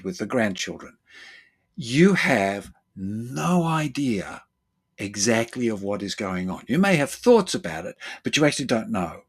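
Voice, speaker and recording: With a husky voice, this therapist and guest talks through his ideas casually. Fillers and repeated words mark his thinking aloud, and he regularly acts out what other people said with sudden changes in pitch.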